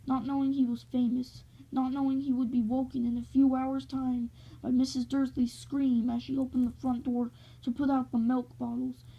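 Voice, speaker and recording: A woman reading a novel aloud in a steady, gentle storytelling way. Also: sits high, husky, lo-fi sound.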